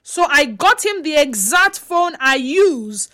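Nigerian woman commentator, very high voice, chatty and questioning. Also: very animated, slow, pushed and bright. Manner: chatty, mixes in pidgin, rhetorical questions. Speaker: social media commentator. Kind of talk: casual commentary vlog.

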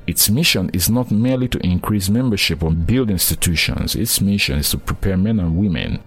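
Deep-voiced male preacher, fervent. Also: expressive, a little fast, husky, faint music behind. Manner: earnest, rising to fervent emphasis on quoted scripture; addresses listener directly as friend. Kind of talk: sermon.

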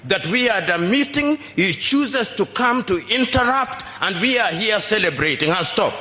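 A man's voice: high-pitched, lively intonation, moderate pace, pushed and bright. A man giving an indignant, emphatic public speech. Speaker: public speaker. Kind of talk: impassioned speech. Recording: echoey hall.

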